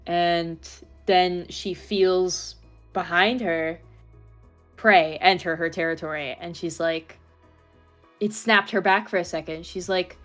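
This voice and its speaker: A woman with a fairly low voice talks casually and animatedly. She retells a game scene with energy and swears freely, with faint music playing under her. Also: steady tone, slow, fairly bright tone. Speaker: roleplayer interviewee. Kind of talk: casual chat.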